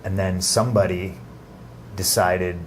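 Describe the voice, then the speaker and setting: Interview guest, male, very low pitch, halting with restarts, faint noise behind. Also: steady tone. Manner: halting, many restarts and fillers. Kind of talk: casual interview.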